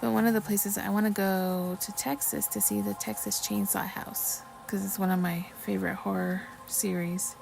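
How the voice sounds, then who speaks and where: A woman's voice: medium pitch, little pitch movement, moderate pace, creaky, hardly any pauses, over music, poor audio. A woman hosting a casual livestream while crafting, chatting with viewers, reading trivia questions and often apologizing. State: mouth full of chocolate at times. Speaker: livestream host.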